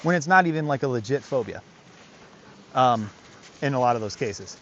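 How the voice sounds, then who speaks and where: A man's voice: mid-range voice, animated, normal speed, fairly bright tone, lo-fi sound, slight background noise. A man working as a dog trainer, explaining his methods in casual commentary outdoors by a creek, often asking rhetorical questions and adding "right?".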